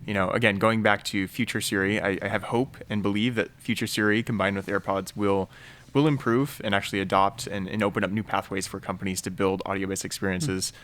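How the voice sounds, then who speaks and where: Roundtable guest, man, lowish voice, relaxed and reflective. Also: a little fast. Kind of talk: casual roundtable chat.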